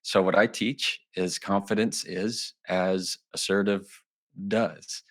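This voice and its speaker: Guy with a lowish voice on a podcast, teaching-style answers, animated, acts out quotes. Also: takes it slowly. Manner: lively, often acting out little quoted exchanges. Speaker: lawyer and communication guest. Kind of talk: interview answers, explaining and teaching.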